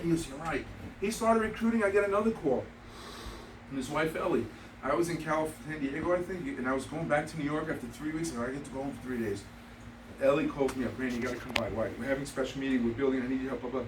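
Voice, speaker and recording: A man with a fairly high-pitched voice trains insurance agents in a motivational seminar before a live audience in a meeting room. He is emphatic, repeats key points, and tells stories with quoted dialogue; the mic is distant in an echoey room with background noise.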